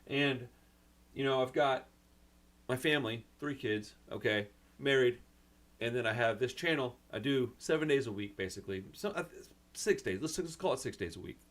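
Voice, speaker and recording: This American record store owner and channel host delivers an emotional personal rant to camera, rambling, frustrated, and close to crying. He swears mildly and uses "man" and "dude" a lot. His mid-range voice is fairly bright and moves at a moderate pace.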